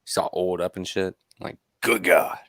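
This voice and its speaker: A man's voice: low-pitched, steady tone, moderate pace, fairly bright tone, dry recording, studio quality. A man co-hosting a podcast, blunt and mocking, with crude jokes in casual chat. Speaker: podcast co-host.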